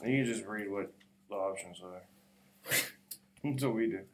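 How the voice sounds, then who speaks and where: A man's voice: lowish voice, normal speed, far from the mic, slight background noise. A young man co-hosting a casual student show, joking and chatting. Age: young adult. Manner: jokey, playful. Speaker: co-host. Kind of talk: casual chat. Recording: roomy echo.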